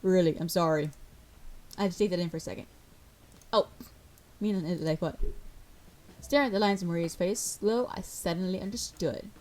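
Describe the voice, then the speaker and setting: A woman with a fairly low, slightly mellow voice reads a visual novel aloud at a moderate pace with long pauses. She voices every character and breaks off now and then for casual commentary.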